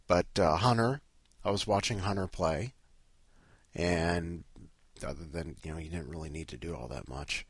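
A man's voice: lowish voice, dry recording, studio quality. A man hosting a podcast, rambling casually with lots of swearing and self-mocking grumbles. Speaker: podcast host.

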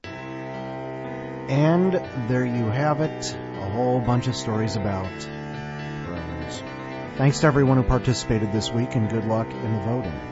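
A man's voice: medium pitch, animated, a little slow. A man hosting a podcast in a wry, offhand way and narrating a story. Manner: wry, offhand, self-mocking. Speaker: podcast host. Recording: dull lo-fi audio with music.

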